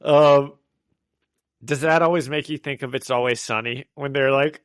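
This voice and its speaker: A man's voice: medium pitch, steady tone, moderate pace, smooth, no echo, clean studio sound. A man co-hosting a comic book podcast, chatting casually, rambling and laughing often. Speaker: podcast co-host.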